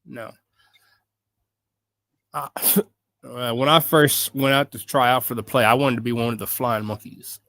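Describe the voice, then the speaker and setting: A man hosts a podcast in loose, casual conversation. He jokes and teases playfully, his voice sitting in a middle pitch. The sound is dry and close, with no room around it. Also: fairly even intonation, a little slow, pauses often, fairly bright tone, no room sound. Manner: joking, playful teasing. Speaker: podcast host.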